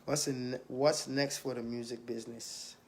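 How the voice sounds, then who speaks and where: A man's voice: medium pitch, steady tone, moderate pace, a little mellow, slight background noise. A young man with a Virgin Islands accent, a rapper casually reading out and answering questions in a streetwise, laid-back way.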